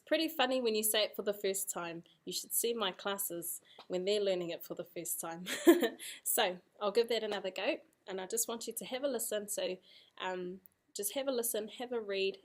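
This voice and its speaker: A woman's voice: medium pitch, normal speed. A woman teaching a language lesson, casual and encouraging, repeating drills aloud.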